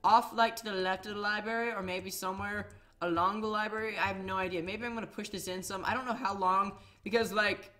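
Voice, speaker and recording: A young man rambling excitably through casual gameplay commentary, full of fillers and restarts. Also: high-pitched, a little fast. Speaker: gaming YouTuber. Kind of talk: casual Minecraft let's play commentary.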